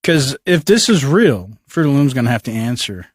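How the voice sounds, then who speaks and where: A man's voice: medium pitch, very animated, brisk, dry recording, studio quality. A man speaking casually to the camera, emphatically urging viewers to tag a company. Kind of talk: casual vlog.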